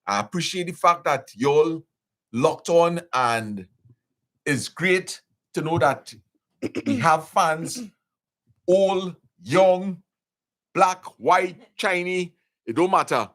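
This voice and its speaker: A man co-hosting a live stream, chatting casually and giving shout-outs. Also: fairly high pitch, takes it slowly, long pauses. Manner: lively, sings along, gives shout-outs.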